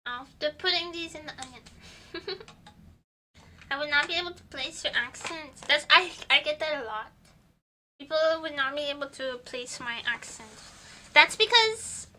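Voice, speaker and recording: A woman streamer whose first language is Portuguese, chatting casually and rambling with giggles while she bakes, with a squeaky voice. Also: animated, moderate pace, bright, forceful tone, slight background noise. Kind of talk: casual livestream chat while baking.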